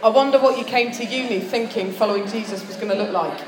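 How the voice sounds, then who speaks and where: A woman with a fairly high voice talks fast while giving a sermon to students at a student church meeting, telling a personal story in a chatty, self-deprecating way with many fillers. The sound is reverberant, with a crowd audible in the background.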